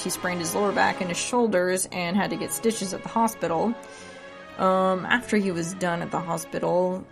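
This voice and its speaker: A woman's voice: on the low side, vocal fry. A drunk woman reading a story aloud at home under a blanket, loose and rambling with side notes.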